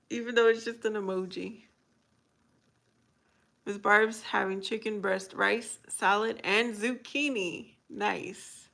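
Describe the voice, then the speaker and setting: Woman hosting a relaxed livestream, talks slowly, mid-pitched, answers chat with easy laughter. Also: vocal fry. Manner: laughs often, reads chat aloud. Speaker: livestream host. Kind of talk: casual chat with viewers.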